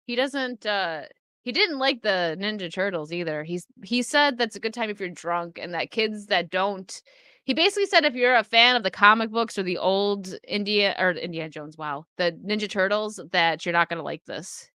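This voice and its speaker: On her livestream, a woman with a bright, forward, smooth voice chats casually with her live chat, answering messages and laughing often. Her pitch is medium, her intonation lively, her pace moderate. She uses a close desk microphone in a dry, dead room with no echo.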